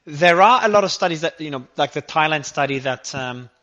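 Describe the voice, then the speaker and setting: A man moderating a live online debate, halting and repeating himself as he poses questions. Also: on the high side, lively intonation, pushed and bright, lo-fi sound. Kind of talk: live discussion.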